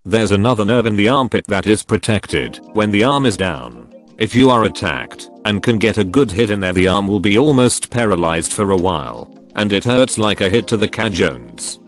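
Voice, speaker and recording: A man narrating online posts in a flat, evenly paced scripted read. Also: lowish voice, normal speed. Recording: faint music behind.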